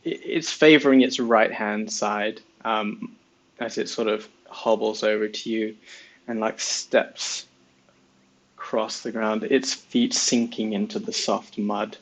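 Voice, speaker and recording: A man narrating a tabletop fantasy game as game master, describing scenes in a measured way with pauses. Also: fairly low pitch, steady tone, rough recording.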